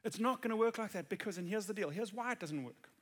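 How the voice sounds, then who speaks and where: High-voiced man preaching a sermon. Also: expressive, fast talker, a bit bright. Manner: earnest, builds to emphatic peaks. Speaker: pastor.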